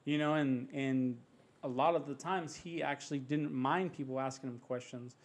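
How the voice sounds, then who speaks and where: A man's voice: medium pitch, fairly even intonation, normal speed. A man, a father of young children, speaking as a podcast guest and sharing an earnest, heartfelt faith testimony in casual talk. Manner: earnest, heartfelt, acts out prayers in his own voice.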